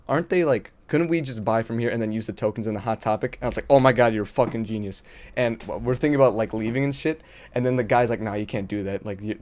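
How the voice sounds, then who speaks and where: Young male podcast co-host, rapid profane storyteller, slightly low voice. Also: a little mellow. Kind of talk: casual chat.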